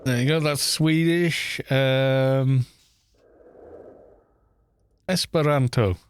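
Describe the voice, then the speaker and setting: A man's voice: mid-range voice, drawn-out words, clean tone. Welsh guy on a game stream, rambly casual chat, cracks jokes. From Wales. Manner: rambling, chatty, joking asides. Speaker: gaming streamer.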